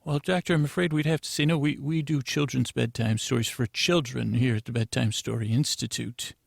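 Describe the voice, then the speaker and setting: Prim dismissive receptionist, as a man puts her on, raised pitch, gravelly, dry close sound. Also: fairly even intonation, a little fast, no room sound. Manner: polite but curt, brushing off the caller.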